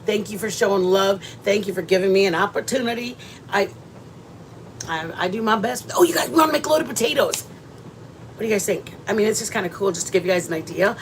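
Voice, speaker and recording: A chatty woman hosts a casual cooking livestream and talks straight to her viewers. She rambles loosely from one thought to the next in an ordinary mid-range voice. A faint low rumble runs underneath. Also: brisk. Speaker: livestream host.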